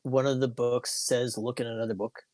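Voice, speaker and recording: A man at a tabletop game table, checking details with careful clarifying questions. His voice sits at an ordinary middle pitch, recorded dry. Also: little pitch movement, a little fast, a little mellow, no room sound. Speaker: player. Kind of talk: casual tabletop game chat.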